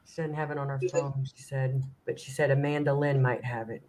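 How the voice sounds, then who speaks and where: A woman's voice: rumbling low, flat delivery, brisk, darkish tone, slight background noise, low-quality recording. A woman who is a guest on a livestream panel and chats casually, laughing easily. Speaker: panel guest, fellow streamer.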